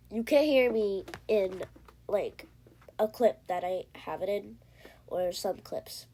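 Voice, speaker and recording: Brief: woman gamer, slow unhurried chatter, heavy breathing, excitable and rambling, recorded on a tablet. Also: medium pitch, slight background noise. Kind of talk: casual gameplay commentary. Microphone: iPad.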